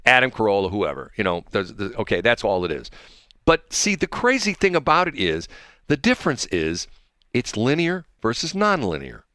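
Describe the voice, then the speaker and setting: Male radio host, middle-aged, lively and bright, rambling jokes. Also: fairly low pitch, dry recording, clean studio sound. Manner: animated, joking, rambling. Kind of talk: live morning radio chat. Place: radio studio.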